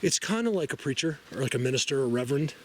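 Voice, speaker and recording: Excitable man rambling outdoors. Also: medium pitch, very fast, slight background noise. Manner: rambling, excitable, laughs often. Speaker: vlogger. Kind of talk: casual talk to camera. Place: outdoors in a forest.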